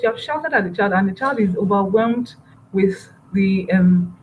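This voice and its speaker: A woman giving a parenting training talk, lively and acting out parent and child voices as she explains. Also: medium pitch, normal speed, muffled recording, a little hiss or hum.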